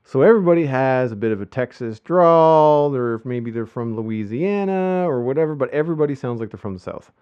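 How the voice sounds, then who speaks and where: A man's voice: medium pitch, animated, fairly quick, few pauses, darkish tone, clear, resonant tone, no room sound. A man chatting on a podcast in a loose, rambling way, with many restarts and fillers. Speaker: podcast host. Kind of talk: casual podcast chat. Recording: muffled lo-fi podcast audio.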